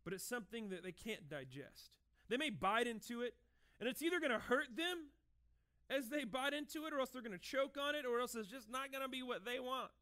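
A man in his thirties preaching a sermon in a conversational, animated way, acting out short dialogues as he goes. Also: extremely high pitch, a little fast. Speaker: pastor.

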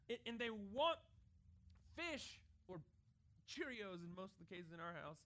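A middle-aged man with a very high voice preaches a sermon. He talks in a chatty, conversational way and keeps checking in with "right?". For his main points he drops into a hushed, intense delivery. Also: sing-song, moderate pace. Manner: drops to a quiet, low, intense voice for key points. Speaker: pastor.

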